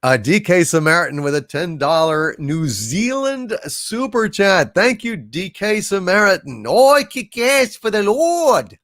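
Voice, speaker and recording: A man chats his way through viewer messages on a live stream, his pitch sitting a little high and swinging widely. He talks in fits and starts, full of fillers, then breaks into theatrical bits of verse and song. The sound is dry and close. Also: a bit bright, no echo. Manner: theatrical, drifts into recited verse, song and impressions; halting, with many fillers and restarts. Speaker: livestream host. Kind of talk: casual live-stream chat reading super chats.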